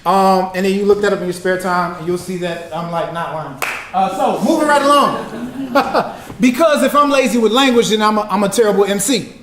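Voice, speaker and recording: Animated man lecturing in an echoey hall. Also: high voice, a little fast, a little hiss or hum. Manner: animated, prompts the audience to finish his phrases. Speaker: performance poet giving an artist talk. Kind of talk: interactive lecture with call-and-response. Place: lecture hall with a live audience. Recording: echoey hall recording from far off.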